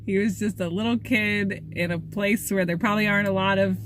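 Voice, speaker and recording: A woman's voice: medium pitch, fairly even intonation, a little fast, fairly bright tone, slight background noise. A young woman filming herself for a casual travel vlog, chatty and upbeat, laughing often. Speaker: vlogger. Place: outdoors and in a cabin. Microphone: handheld camera, self-filming.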